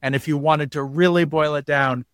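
Man, interview guest, slightly high voice, animated, acts out quotes, dry close mic. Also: normal speed, clear, resonant tone, dry recording. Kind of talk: podcast interview.

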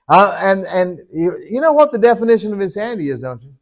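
Male pastor, slightly high voice, folksy sermon with chuckles and call-and-response. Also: animated, normal speed.

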